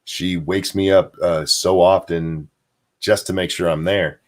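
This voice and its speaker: A man's voice: deep voice, steady tone, a little slow. A man hosting a casual livestream show, rambling through viewer chat with plenty of fillers and chuckles. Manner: answers viewer chat and donations aloud.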